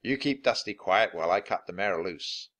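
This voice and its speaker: A man reading as a steady cowboy guide. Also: moderate pace. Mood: commanding. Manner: low, steady, commanding. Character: gruff adult male cowboy guide.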